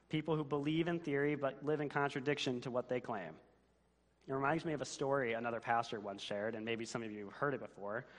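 A man preaching a sermon as pastor, earnest and building to emphatic questions. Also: mid-range voice. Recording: long reverb of a church hall.

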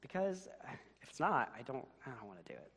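A preacher voicing a lazy husband who stalls and dodges chores in a whiny voice. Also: male voice, very animated, brisk, a bit bright, husky, big-room sound, heavily acted. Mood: evasive. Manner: whiny, stalling, raised pitch.

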